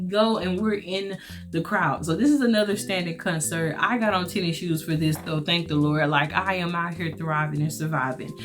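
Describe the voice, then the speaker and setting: A woman vlogger telling a story in a casual, chatty way, often talking straight to her listeners. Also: medium pitch. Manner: chatty, emphatic, addresses listeners as y'all.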